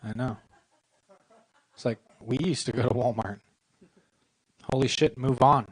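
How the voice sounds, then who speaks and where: Mumbly low-key guy doing stand-up, dry mic sound. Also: a little slow, husky, dry recording, poor audio. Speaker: stand-up comedian. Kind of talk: stand-up set. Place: comedy club stage.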